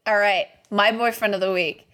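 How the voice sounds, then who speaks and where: Woman, podcast co-host, chatty storytelling, mid-pitched voice. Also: steady tone, normal speed, fairly bright tone. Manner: chatty storyteller, checks in with "okay?". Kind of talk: casual chat.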